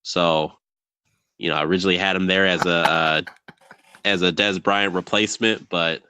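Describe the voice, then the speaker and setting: A man's voice: sits low, steady tone, normal speed, pushed and bright, slight background noise. A man co-hosting a sports podcast, talking casually and rambling with many fillers and restarts. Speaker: podcast co-host.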